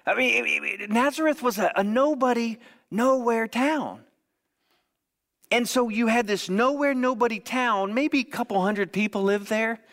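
A high-pitched man preaches in a casual, chatty way and keeps asking his listeners "right?" His voice rings out with the long echo of a church hall. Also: a little slow, creaky, a bit bright. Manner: conversational preaching with frequent "right?" asides. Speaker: pastor. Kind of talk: sermon.

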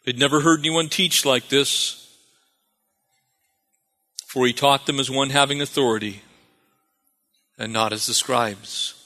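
A man's voice: mid-range voice, steady tone, measured pace, long pauses, bright, forceful tone. A man preaching a sermon as pastor, calling for amens and repeating phrases for emphasis. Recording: long reverb of a hall.

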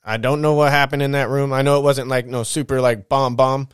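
A man spins his life story in a loose, slangy ramble, full of fillers and asides. His voice is smooth and clear at an ordinary pitch. The recording is dry and close, with no room around it. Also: flat delivery, brisk, no echo. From Southern California. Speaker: podcast host telling his life story. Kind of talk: casual storytelling.

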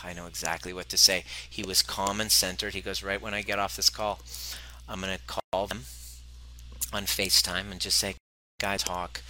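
Male podcast host and coach, earnest storyteller, lowish voice with a very bright, forceful edge. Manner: earnest, acts out client dialogue. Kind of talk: personal storytelling monologue.

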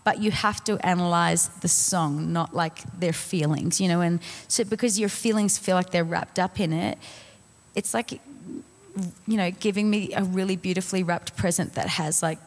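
A woman's voice: on the low side, moderate pace. Woman on a panel rambling about songwriting, lots of "like", big echoey hall. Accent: non-American (commented on). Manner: rambling, filler-heavy, laughs at herself. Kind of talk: casual panel talk on songwriting. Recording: long hall reverb.

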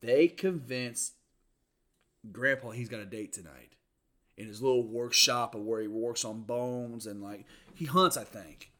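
A man in a casual chat, excitedly retelling movie scenes and acting out the lines. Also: medium pitch, measured pace. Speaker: movie reviewer.

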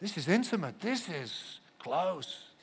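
Man, pastor, sermon, high voice, animated storyteller, loud and soft swings. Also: takes it slowly, creaky, slightly rough. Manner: animated storyteller, shouts when acting out quotes, drops to soft asides.

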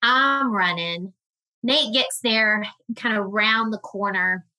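A woman guest on a podcast, telling a personal story in an earnest, emotional way with halting restarts. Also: mid-range voice, pushed and bright, rough recording.

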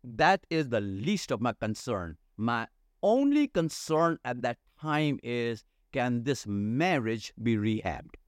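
A man's voice: mid-range voice, big pitch swings, takes it slowly, no echo, studio quality. A middle-aged man, a church leadership consultant, talking earnestly in a podcast interview and repeating phrases for emphasis.

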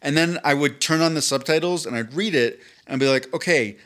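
A man's voice: a little high, a little fast, a bit bright. A man co-hosting a podcast, chatting casually with a self-mocking, lightly profane manner. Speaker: podcast co-host.

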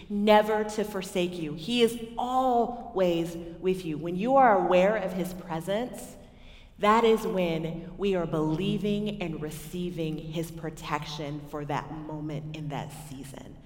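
A Texan woman preaching a sermon, her voice sitting a little low and ringing through a large echoey hall with a long reverb tail. She tells stories and moves from big loud moments to hushed ones. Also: unhurried. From Texas. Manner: storytelling, swings from loud to hushed. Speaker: women's ministry speaker.

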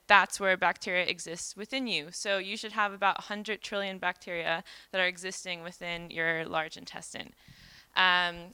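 A woman's voice: medium pitch, bright, forceful tone, smooth. Chatty American woman giving a talk. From New York City. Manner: casual, chatty, many fillers like "um" and "like". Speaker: fermentation educator and speaker. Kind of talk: live seminar lecture.

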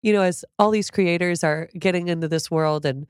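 Earnest woman podcast guest, lowish voice. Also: fairly quick, clear, resonant tone, no room sound, clean studio sound. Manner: warm, earnest, gets emotional at times. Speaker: podcast guest, food creator. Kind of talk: conversational interview.

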